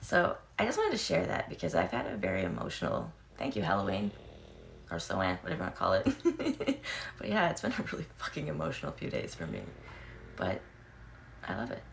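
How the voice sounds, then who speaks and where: A woman's voice: rumbling low, fairly quick, creaky, a little hiss or hum. A woman in her thirties talking frankly and casually to camera, swearing freely, laughing often and acting out quoted voices. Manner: animated, acts out quoted voices. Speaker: vlogger.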